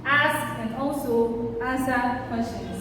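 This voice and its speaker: High-voiced woman teaching in an echoey room. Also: steady tone. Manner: slow, deliberate, stresses words for learners. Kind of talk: classroom language lesson. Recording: echoey room, distant mic, faint hiss.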